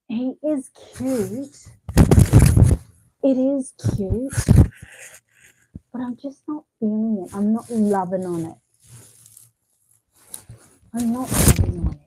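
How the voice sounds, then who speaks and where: An Australian woman chatting casually at home as she shows off outfits, rambling and often dropping to a hushed voice. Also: on the high side, takes it slowly, long pauses, very noisy. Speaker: vlogger showing reborn dolls. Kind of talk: casual show-and-tell chat. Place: home bedroom.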